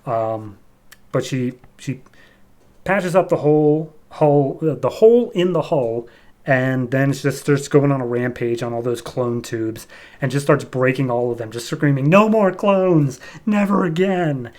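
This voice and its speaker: Chatty man recapping a comic. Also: mid-range voice. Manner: relaxed, chatty, acts out characters' lines in quick voices. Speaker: comic book podcast host.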